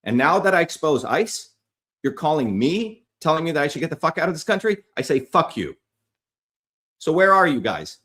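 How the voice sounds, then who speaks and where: A man's voice: fairly high pitch, big pitch swings, normal speed, a bit bright. A man hosting a livestream, delivering a heated, profane, combative rant at his viewers. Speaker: livestream host.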